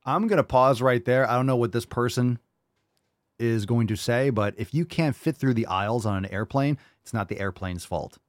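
A man's voice: mid-range voice, moderate pace, no room sound. A man hosting a livestream show, reacting to clips in a blunt, mocking, sarcastic way. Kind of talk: casual reaction commentary.

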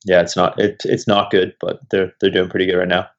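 A young man, a podcast guest, telling animated travel stories in casual chat and swearing freely. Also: low voice, brisk. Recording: dull lo-fi recording.

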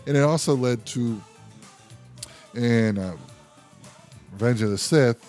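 A man's voice: mid-range voice, takes it slowly, pauses often, a little mellow, soft background music. A man co-hosting a podcast in casual chat, opinionated and ranting, swearing freely. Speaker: podcast co-host.

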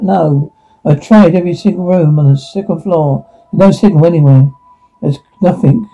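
A man reading a whole drama script aloud in a flat, stumbling way, with restarts, sound cues included. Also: fairly high pitch, measured pace. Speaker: reader voicing a whole drama. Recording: dull lo-fi recording with faint music.

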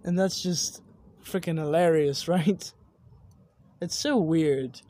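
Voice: medium pitch, takes it slowly, warm tone, slight background noise. A young adult vlogger rambling casually outdoors at night, swearing often and stopping mid-word to correct themselves. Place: outdoors at night overlooking buildings.

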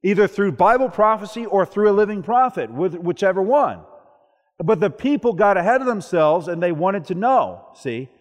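A man's voice: high-pitched, sing-song, moderate pace, long reverb tail. A man preaching a sermon, often asking the congregation questions and then answering them himself.

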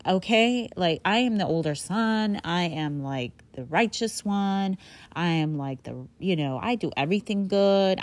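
A woman's voice: fairly low pitch, darkish tone, no room sound, close to an everyday voice. A woman voicing a jealous, self-righteous older brother in a retold story, in an indignant, sulky manner.

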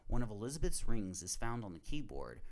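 Lively low-voiced man reading a synopsis. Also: fairly quick. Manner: profane, rambling, laughs between lines. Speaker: podcast host. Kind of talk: casual chat reading a movie synopsis.

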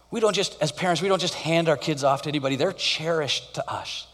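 A male pastor giving a conversational sermon with animated storytelling. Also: on the high side, quick pace, few pauses, in a large hall.

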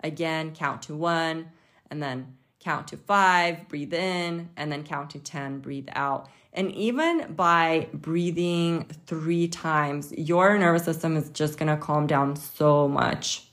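Chatty woman, slightly low voice. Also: steady tone, takes it slowly, a bit bright. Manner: chatty and informal, with frequent fillers and light laughs. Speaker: podcast host. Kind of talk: casual health podcast monologue.

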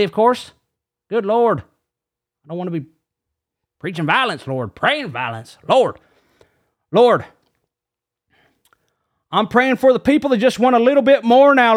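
A man puts on an overexcited reverend who leads a comedic prayer in a strikingly high voice. He tacks "Lord" onto every phrase and keeps fumbling his words as he rambles. He speaks close into a studio mic. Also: a bit bright. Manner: says "Lord" after nearly every phrase, trips over his words. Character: excitable rambling male reverend. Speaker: guest preacher character. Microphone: studio dynamic mic.

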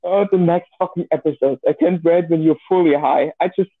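A young man with a high, husky voice laughs his way through a casual chat, repeating himself as he goes. The sound is dry and thin, like a phone line. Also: brisk, no room sound. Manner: laughs constantly, repeats himself, swears often.

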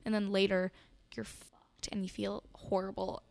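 A teenage girl chatting as a podcast guest, telling stories in a lively way with many fillers. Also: medium pitch, moderate pace, creaky. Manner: chatty storytelling full of "like" fillers. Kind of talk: casual chat.

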